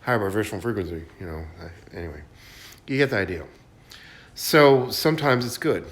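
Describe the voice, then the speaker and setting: Low-voiced man giving rambling spiritual talk. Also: lively intonation, a little fast. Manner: rambling, restarts, soft guided hushing at times. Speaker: spiritual channel host. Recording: faint background noise.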